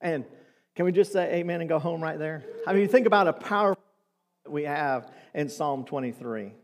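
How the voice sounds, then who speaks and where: A pastor's voice, on the high side and fairly quick, fills a church sanctuary as he preaches a sermon through stories, chatting in asides with the congregation. There's a long reverb tail and slight background noise.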